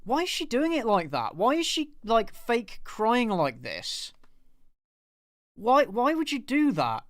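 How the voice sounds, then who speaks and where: A man's voice: extremely high pitch, wildly swooping pitch, slow, dry recording, studio quality. A man who reviews films, commenting casually and exasperatedly over a clip and swearing freely as he rants. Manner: exasperated, swears freely, repeats himself while ranting. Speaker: film reviewer and host.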